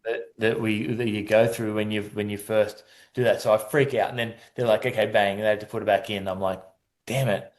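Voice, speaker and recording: A man's voice: on the low side, flat delivery, fairly quick, hardly any pauses. A man telling a personal story in a casual interview, rambling with many restarts and acting out what people said. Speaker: guest, adaptive surfer.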